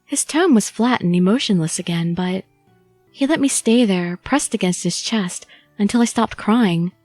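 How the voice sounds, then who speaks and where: A woman's voice: mid-range voice, lively intonation, moderate pace, darkish tone, no room sound, soft background music. A woman reading a first-person audiobook story expressively, as the channel host. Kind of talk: audiobook narration and chatty outro.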